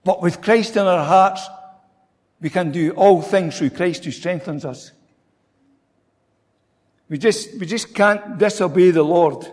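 A man with a fairly high voice preaches a sermon in an easy, conversational way, asking his listeners rhetorical questions. His words ring on in a long reverberant church hall. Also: slow pace, long pauses, a little mellow.

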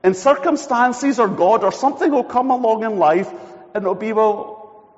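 A man's voice: very high voice, expressive, normal speed. A man preaching a sermon, telling a story and acting out each character's voice. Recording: dull recording with long hall reverb.

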